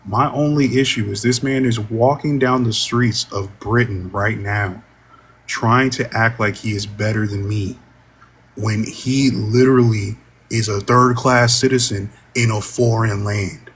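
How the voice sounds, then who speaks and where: A man's voice: lowish voice, steady tone, a little slow, fairly bright tone, a little hiss or hum. A man in a heated online debate, exasperated and argumentative, cursing freely as he makes his case.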